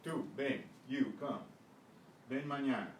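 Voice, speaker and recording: An older man teaches a language class at an unhurried pace, pausing to clear his throat. His voice sounds roomy and distant, as if caught by a mic across a classroom with faint noise behind. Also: medium pitch. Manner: slow, patient, clears throat often. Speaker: Spanish teacher. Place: classroom at a senior center.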